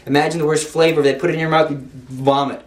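A man's voice: a little high, flat delivery, quick pace. A man preaching an impassioned sermon, driving his points home with repeated rhetorical questions. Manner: emphatic, full of rhetorical questions. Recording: roomy echo.

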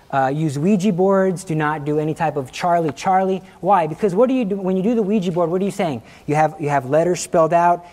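Animated man telling a faith story. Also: on the high side. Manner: animated, acts out quotes, laughs at himself. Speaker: Catholic speaker giving a testimony. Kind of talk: informal talk with personal storytelling.

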